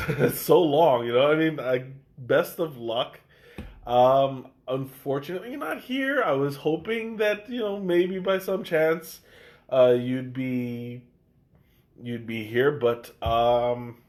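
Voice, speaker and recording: A man's voice: medium pitch, darkish tone. A man chatting casually on a live stream, tasting tea, with a congested voice and a hesitant delivery full of fillers and restarts. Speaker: livestream tea taster.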